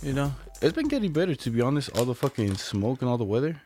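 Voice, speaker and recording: A man's voice: medium pitch, very animated, quick pace, mellow, faint music behind. A man co-hosting a podcast, telling stories in loose, slangy, profane casual chat. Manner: laid-back slangy storytelling, lots of profanity. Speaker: podcast co-host.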